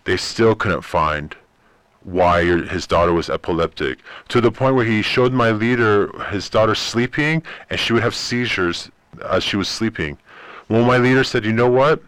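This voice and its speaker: Man, native Persian speaker, interview guest, animated storyteller, lowish voice, dry sound. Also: normal speed, no echo. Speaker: ministry guest.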